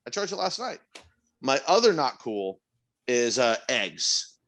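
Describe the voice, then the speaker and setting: A podcast co-host with a medium-pitched voice tells a maddening work story at an unhurried pace. Animated and exasperated, he swears freely in casual chat, his voice leaping up in disbelief and climbing to near-shouts.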